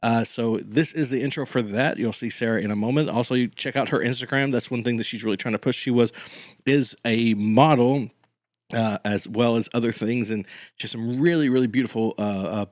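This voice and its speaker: A man's voice: mid-range voice, brisk, no echo, studio quality. A man hosting a reaction channel, chatting casually with plenty of fillers and restarts. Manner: rambling, filler-heavy talk. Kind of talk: casual chat.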